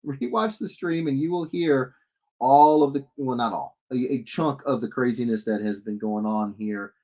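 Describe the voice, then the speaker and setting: A man in his thirties, an illustrator, draws on a live stream while chatting casually with viewers, joking, rambling, reading comments aloud and often restarting his sentences. His mellow voice is medium-pitched and measured in pace.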